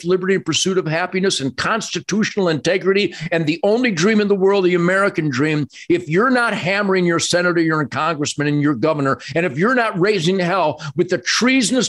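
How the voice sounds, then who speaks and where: A man's voice: high-pitched, brisk, hardly any pauses, a bit bright. A man hosting a show, giving impassioned political commentary that piles up emphatic repeated phrases. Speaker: show host.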